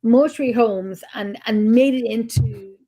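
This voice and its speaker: A woman's voice: on the high side, measured pace, mellow. A woman co-hosting a casual online chat, telling stories in a rambling, exclamatory way over a video call. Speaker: co-host. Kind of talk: casual chat on a live stream.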